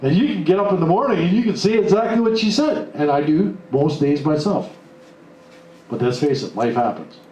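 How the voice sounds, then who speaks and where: Blunt animated male speaker, echoey room. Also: a little high, normal speed. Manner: blunt, animated storytelling with acted-out quotes. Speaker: motivational speaker. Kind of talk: live talk to an audience. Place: room with a live audience. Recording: echoey room, mic at a distance, faint noise.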